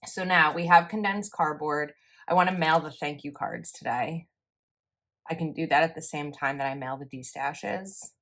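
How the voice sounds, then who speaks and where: Young woman talking thru her planner, low voice, rambly and casual. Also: normal speed, fairly bright tone. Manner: chatty, rambling, self-correcting. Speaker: planner vlogger. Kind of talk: casual voice-over while planning.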